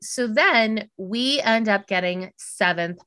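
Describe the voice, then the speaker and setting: A woman's voice: medium pitch, takes it slowly, fairly bright tone. A middle-aged woman co-hosting a casual chat, recapping events bluntly and acting out quoted dialogue. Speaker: podcast co-host.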